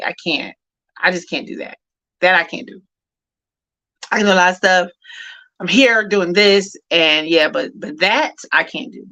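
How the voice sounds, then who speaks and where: Woman, middle-aged, bright forceful tone, low-pitched, candid rambling talk, grief-chat host. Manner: candid, rambling with many fillers and restarts. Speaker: host of a women's grief discussion. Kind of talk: casual heartfelt chat.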